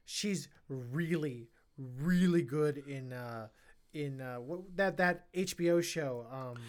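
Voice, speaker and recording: A podcast co-host talks through a film in a casual, animated review. The speech is chatty, with lots of fillers, restarts and quick asides. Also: mid-range voice.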